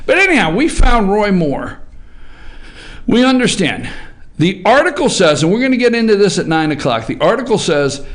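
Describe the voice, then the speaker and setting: A man hosting an opinionated morning talk show, sarcastic and animated, often rising into shouts. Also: high-pitched, normal speed. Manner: animated, sarcastic, breaks into shouts and mock voices.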